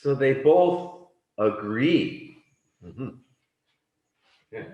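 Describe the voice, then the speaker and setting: A man teaches an English class with a slow, deliberate delivery and a lively, swooping pitch. His voice sits in a middling register and carries the ring of an echoey room. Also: highs cut off. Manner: slow, deliberate, animated delivery with exaggerated read-out examples. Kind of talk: online classroom lesson.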